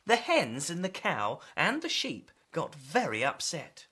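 A woman reading a picture book aloud to children with an expressive, animated delivery. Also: low-pitched, a little slow, few pauses, husky. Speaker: storyteller.

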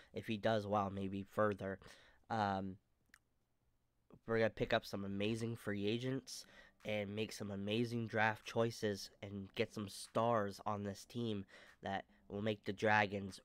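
A young man with a stuffy nose talks through his sports game plans in a flat, monotone way, stopping often for fillers and restarts. His voice sits low and comes across smooth and clean. The recording is close and dry, with no room sound. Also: dry recording. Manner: rambling with many fillers and restarts. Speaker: channel host. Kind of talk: casual video game franchise commentary.

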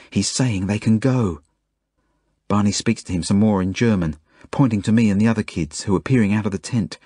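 Guy reading his own book aloud, earnest, lowish voice, dry close mic. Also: husky, no room sound. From Australia. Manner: earnest first-person telling that rises to urgent shouts. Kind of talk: audiobook narration.

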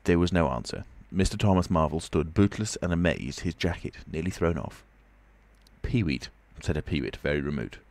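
A man with a very deep, low voice reads an audiobook in a measured, even way. The sound is dry and close, with no room around it. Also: no room sound. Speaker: audiobook narrator. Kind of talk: scripted narration.

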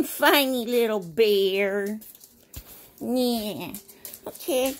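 A woman's voice: sits high, animated, slow pace, slightly rough. A young woman chatting casually to a viewer at home, playful and cooing at her pets. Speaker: vlogger. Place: home indoors.

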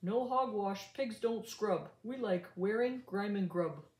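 A woman's voice: medium pitch, unhurried, a little mellow, roomy sound, natural voice. A woman voicing a gang of defiant, mud-loving pigs who answer with mocking taunts.

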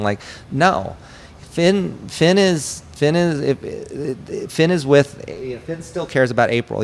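A man, a film director guest in a casual interview, telling stories in an animated way and acting out his characters' lines. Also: medium pitch, a little hiss or hum. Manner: animated storyteller who acts out character lines.

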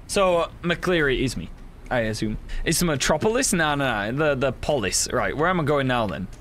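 Bright, animated young male streamer. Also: mid-range voice, normal speed, a little hiss or hum. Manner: casual, sweary, laughing reactions. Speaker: gaming streamer. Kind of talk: let's play commentary.

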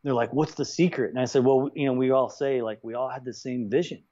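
A man's voice: medium pitch, fast. A middle-aged man, a writer-director guest, chatting in an interview and acting out quoted dialogue as he tells stories. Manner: animated, acts out quoted dialogue. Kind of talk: casual interview storytelling. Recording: dull lo-fi sound.

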